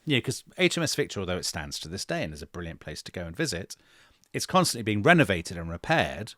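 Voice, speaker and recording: A middle-aged man with a very low voice co-hosts a history podcast, recounting events with dramatic flair. He slips into the voices of the people he quotes, and the recording is dry and close to the mic. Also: sing-song, fast talker, bright, forceful tone, dry recording. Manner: dramatic retelling with acted quotes. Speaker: podcast co-host. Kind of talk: animated historical storytelling.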